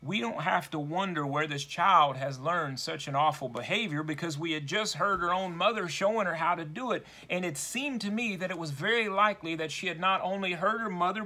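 A man preaching a sermon, slow and deliberate, leaning hard on key words for emphasis. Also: high voice, sharp tone.

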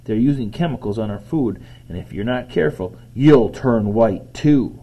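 A cocky young boy lecturing his family like an expert, voiced by a man reading a storybook. He sounds matter-of-fact and preachy, in a soft, low, husky tone. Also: lively intonation, normal speed. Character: cocksure know-it-all young boy. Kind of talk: children's book read-aloud.

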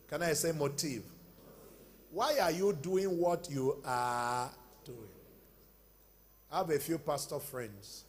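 A man preaching a sermon as pastor, swinging between loud shouted bursts and quieter, slower passages. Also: medium pitch, slight background noise.

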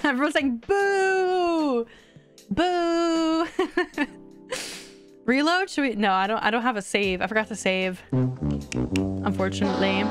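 A woman streaming a life-simulation game, chatting excitably with her viewers in casual live commentary. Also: mid-range voice.

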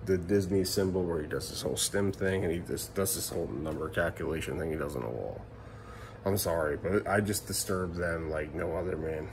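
It's nighttime at home, and a father in his thirties is talking to his camera in a casual vlog. His voice sits low, and there is background noise on the camera mic. He speaks emotionally, peppering his talk with swearing and fillers.

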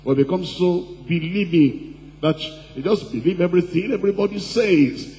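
A man preaching a sermon as pastor, asking the congregation questions and reading scripture slowly and deliberately. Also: high voice, warm tone. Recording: distant-sounding hall recording with faint hum.

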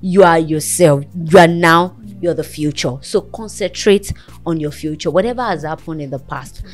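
A woman's voice: sits low, moderate pace, soft background music. A woman hosting a talk show, earnestly counselling and encouraging a guest in a motherly, preaching way.

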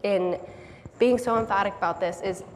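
A woman's voice: mid-range voice, moderate pace, slight background noise. Earnest woman preaching in a reverberant church. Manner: earnest, laughs at herself. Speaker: lay speaker giving a church message. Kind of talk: sermon. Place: church hall. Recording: long hall reverb, faint background ambience.

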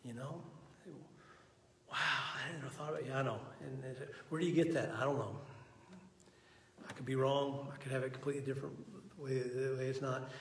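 Male Bible teacher, mid-pitched, folksy and earnest; recorded at a distance with a long hall reverb. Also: steady tone, brisk, slight background noise. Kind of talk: conversational Bible lesson. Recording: echoey hall from far off.

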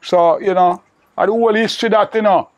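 An older man from Jamaica recounts the old days in broad patois, his voice pitched somewhat high. The sound is dry and close, with no room around it. He rambles and repeats himself, with "you know" in nearly every line. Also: fairly even intonation, brisk, no room sound. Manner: repetitive, peppered with "you know". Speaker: interviewee recalling old friend. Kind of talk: rambling oral storytelling.

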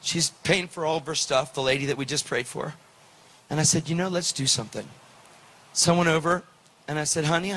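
A man preaching, telling a story with lively, preacherly delivery and acted-out dialogue. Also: fairly high pitch. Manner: animated, preacherly, acts out dialogue. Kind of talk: sermon storytelling.

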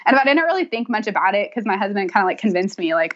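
A woman's voice: mid-range voice, very fast, hardly any pauses, a bit bright, dull audio. A young woman telling her birth story as a podcast guest, chatty and laughing often. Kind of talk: casual interview storytelling.

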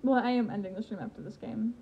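A woman's voice: on the high side, fairly even intonation, fast, creaky. Chatty young woman streaming a game. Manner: chatty, reads and answers chat while playing. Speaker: livestreamer. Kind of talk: casual gaming livestream chat. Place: home in a rural area. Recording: lo-fi stream audio, faint background hiss.

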